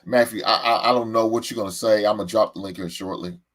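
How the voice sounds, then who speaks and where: Low-voiced man in a heated sports rant. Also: steady tone, fast talker, a bit bright. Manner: heated, exasperated, stammers and repeats words. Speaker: sports podcast host. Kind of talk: animated sports fan rant.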